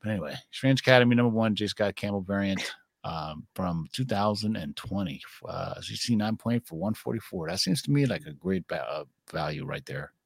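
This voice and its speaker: A man's voice: on the low side, lively intonation, fairly quick, gravelly, no room sound, studio quality. A man co-hosting a casual chat, rambling with jokey asides. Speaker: co-host.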